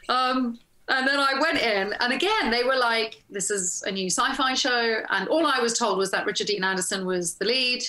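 Lively actress chatting on a video call, bright tense voice, highish, roomy echo around her. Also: normal speed. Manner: animated, laughs often, acts out quoted lines. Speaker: actress, interview guest. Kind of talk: casual storytelling interview.

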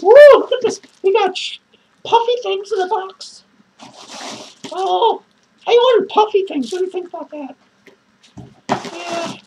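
A lonely, bitter clown woman, voiced by a man in falsetto, rambles through a homemade comedic review skit. Her voice is piercingly high and shrill, and she swears constantly and self-pityingly. A clear hiss of background noise runs under the home recording. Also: a little mellow, full character voice, low-quality recording. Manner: rambling, swearing, cackling between lines. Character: lonely bitter foul-mouthed female clown.

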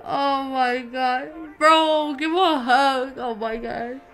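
A woman of about twenty doing excitable, gushing reaction commentary, calling out "bro" and "oh my God" as she watches. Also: sits high, slow, faint music behind. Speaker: YouTube reactor.

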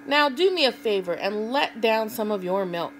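A woman's voice: fairly high pitch, animated, moderate pace, a bit bright, slight background noise. A woman reading a storybook voices a patient male farmer who coaxes and reasons with his stubborn cow. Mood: coaxing. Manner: coaxing, pleading reasoning.

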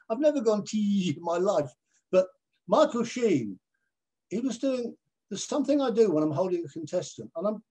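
Animated man telling stories. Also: high-pitched, slightly rough. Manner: animated, acts out other people's voices in his stories. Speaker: television presenter guest. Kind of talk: anecdotal storytelling in a conversation. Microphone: video call.

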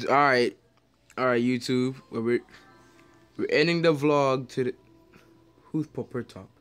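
A man's voice: medium pitch, fairly even intonation, slow pace, pauses often, faint music behind. A man vlogging casually from a car, talking into a handheld phone with playful, teasing banter. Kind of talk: casual vlog chat.

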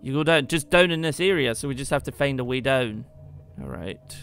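A man commentating his game play, excitable, talking to the creatures and shouting when he panics. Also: medium pitch, a little fast, gravelly, faint music behind. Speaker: gaming YouTuber.

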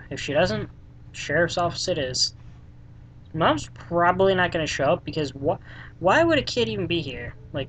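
A let's play gamer giving casual gameplay commentary in a sarcastic, deadpan way, swearing often and reading game text aloud. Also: mid-range voice, fairly quick, a little hiss or hum, rough recording.

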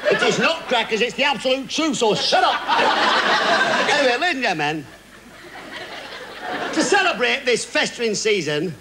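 A shrill, bossy rabbit character, as a male comic puts him on, squeaks and swoops through his complaints in an unhurried, lively voice. It is a stage comedy sketch, with a studio audience roaring with laughter behind him. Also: over a noisy crowd, heavy background noise, full character voice. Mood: mock solemn. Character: cheeky squeaky-voiced man dressed as a rabbit. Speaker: comedy double-act performer.

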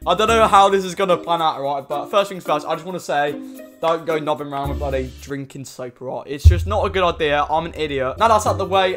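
A young man talking fast and loose over his football game, his voice sitting a little high. He groans low when things go wrong and yelps when they go right. Faint music plays underneath. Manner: excitable, swears mildly, groans and shouts at the game. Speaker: gaming YouTuber. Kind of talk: casual gaming commentary.

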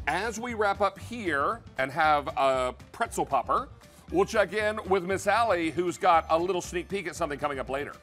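A man's voice: high voice, animated, normal speed, fairly bright tone, faint music behind. Upbeat shopping channel host, man. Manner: upbeat, persuasive, counting down prices and stock. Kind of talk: live TV sales pitch. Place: TV studio kitchen set.

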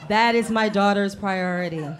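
A woman in her thirties doing a stand-up comedy set on a live stage, telling mouthy, animated stories about her kids with asides to the audience. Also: medium pitch, moderate pace, slight background noise. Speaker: stand-up comedian and show host.

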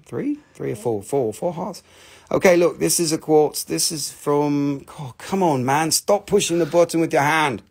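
A man's voice: a little high, expressive, moderate pace, gravelly, breathy edge. A man hosting a live crystal sale stream, chatty and self-mocking, joking nonstop with viewers. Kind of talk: casual live sales stream banter.

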